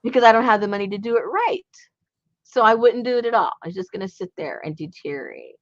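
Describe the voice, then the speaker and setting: Middle-aged woman, casual craft host, chatty and laughing, pitch jumps all over, dull lo-fi sound. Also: very animated, fast, no echo. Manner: chatty, laughs often, many ums and trailing restarts. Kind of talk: casual chat.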